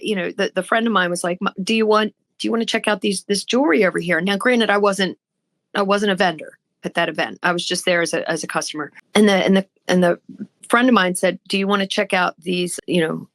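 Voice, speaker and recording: This podcast co-host has a lowish, brisk voice on a dry recording. She chats casually and spins lively stories, performing the voices of anyone she quotes.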